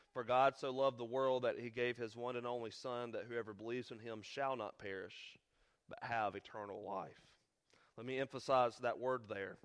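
Pastor, male, mid-pitched, earnest sermon delivery with weighty pauses and rising emphasis. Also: clean tone.

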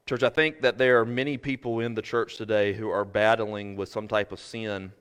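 A man preaching a sermon as pastor, swinging from shouted fervor to quiet earnest talk. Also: on the low side, fairly even intonation, moderate pace, smooth. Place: church sanctuary. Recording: preached in a reverberant hall.

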